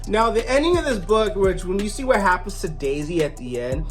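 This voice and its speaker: A chatty comic book reviewer narrates a story in a casual, offhand way and drops in jokey asides. Their pitch swings widely and keeps things lively, and faint music plays quietly in the background. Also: brisk.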